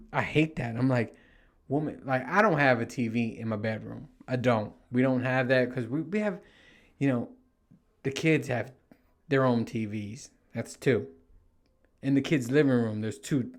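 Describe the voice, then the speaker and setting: A middle-aged man hosting his own show, telling stories casually and acting out his panic in a raised voice, with plenty of swearing. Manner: animated, swears freely, acts out panicked quotes in a higher voice. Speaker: podcast host. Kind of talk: casual storytelling monologue.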